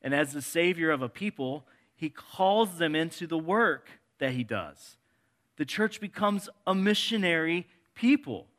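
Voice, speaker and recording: A man preaching a sermon in a conversational way, moving between soft and emphatic delivery and reading scripture passages aloud. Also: fairly high pitch, expressive, unhurried.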